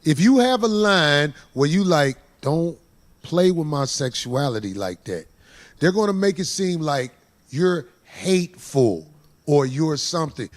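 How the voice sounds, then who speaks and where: Emphatic high-voiced man. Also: lively intonation, measured pace. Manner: emphatic, blunt and preachy. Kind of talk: casual talk-show chat.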